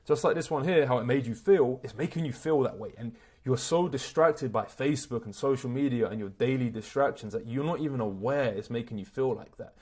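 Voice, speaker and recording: An energetic man speaks straight to camera as a self-improvement coach. He talks in a loose, slangy way and swears freely. His pitch sits at an ordinary middle level for a man. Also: brisk, few pauses, slightly rough. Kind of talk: motivational talk to camera.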